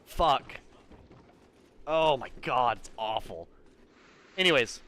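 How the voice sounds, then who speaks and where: A man's voice: mid-range voice, lively intonation, slow pace, pushed and bright. A young man streaming a game, ranting with exasperated, profane commentary.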